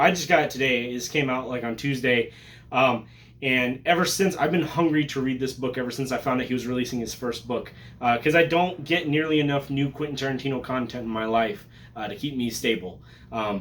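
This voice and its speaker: A man hosting a casual vlog, excitable and joking, with profanity and sudden loud bursts. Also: medium pitch. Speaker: collector vlogger.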